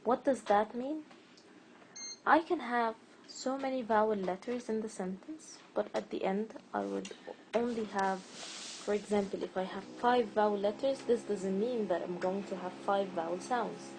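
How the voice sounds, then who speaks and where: Slow, patient woman teaching pronunciation. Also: mid-range voice, noisy background. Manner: patient, repeats words slowly, stretches stressed syllables. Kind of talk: spelling and pronunciation lesson.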